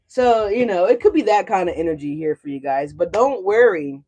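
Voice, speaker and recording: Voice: mid-range voice, expressive, a little fast. A tarot reader in casual livestream chat, blunt and profane, ranting and constantly checking in with the audience. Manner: blunt and profane, with frequent "you know what I'm saying"; ranting, with swings of loudness.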